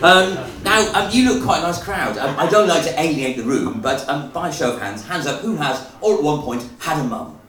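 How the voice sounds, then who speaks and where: A man's voice: on the high side, lively intonation, brisk, few pauses, crowd noise. A man doing a live stand-up routine on a club stage, dry and hesitant, full of ums, with the audience laughing. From Wales. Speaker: stand-up comedian. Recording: echoey club, from far off.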